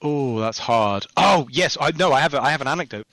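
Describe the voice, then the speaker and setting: Game dev guy chatting on a podcast, rambly and hesitant, middling pitch, dry close mic. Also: a little fast, no room sound. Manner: rambling, hesitant, animated storytelling. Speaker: game developer guest. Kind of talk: casual podcast chat.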